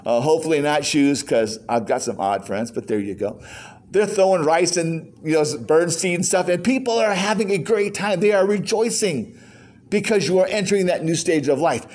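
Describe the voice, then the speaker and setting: A man's voice: fairly high pitch, normal speed, darkish tone. An older man preaching a sermon as pastor, firing rhetorical questions with joking asides.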